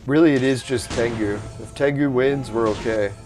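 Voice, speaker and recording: A man giving casual commentary over his mobile game, a little hoarse as he is losing his voice, reacting with excited outbursts and cursing. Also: medium pitch, normal speed, over music. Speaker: gameplay commentator.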